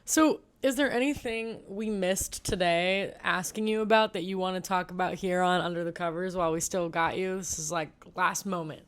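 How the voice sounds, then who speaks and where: A woman's voice: fairly low pitch, moderate pace, few pauses. A woman co-hosting a podcast, asking questions in a friendly, agreeable, casual way. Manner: supportive, agreeable interviewer. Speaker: podcast co-host. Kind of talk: casual chat.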